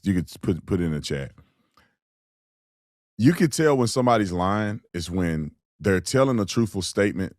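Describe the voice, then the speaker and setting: A man's voice: deep voice, darkish tone, no room sound, clean studio sound. A man giving blunt, mocking, heated commentary on video clips, with slangy, colloquial speech. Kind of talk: opinionated commentary.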